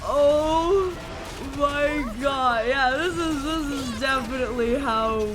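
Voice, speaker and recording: A woman streaming a video game, reacting excitably with gasps and shrieks as she commentates her play. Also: high-pitched, takes it slowly. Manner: excitable, gasping and shrieking at wins. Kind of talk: live gameplay commentary. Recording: voice over loud game music. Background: game music.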